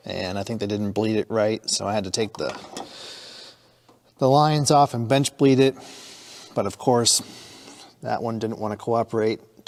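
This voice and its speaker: A man with a fairly low voice narrates a repair job in his garage, dry and matter-of-fact. His words come out a little thick, as if his mouth is still numb from the dentist. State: talking with a numb, full-sounding mouth after dental work. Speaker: mechanic and channel host. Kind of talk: casual shop narration.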